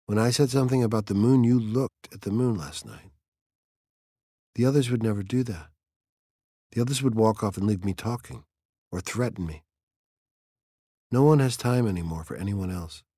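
A man's voice: fairly low pitch, normal speed, pauses often, warm tone, dry recording, clean studio sound, close to an everyday voice. A man voicing a curious, dreamy seventeen-year-old girl in an audiobook reading, with a light, wondering, playfully probing manner.

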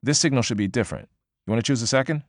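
A man voicing an upbeat office trainer who explains things quickly and chattily in a slightly raised voice. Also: medium pitch, no echo, clean studio sound, pitched above the performer's own voice, natural voice. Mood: breezy, encouraging. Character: upbeat male office trainer, brisk and eager.

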